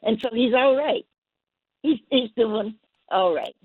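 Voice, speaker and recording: A woman poet guesting on a call-in show, telling a story in a gentle, rambling way with many restarts. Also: a little high, expressive, a little slow, breathy edge, no echo. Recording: tinny phone line.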